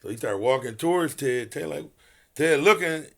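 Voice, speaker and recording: A man's voice: medium pitch, fairly quick, vocal fry. A man, a retired boxer and podcast guest, telling a story in casual, profane talk and acting out each person's lines. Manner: animated storyteller acting out quotes, profane, laughing.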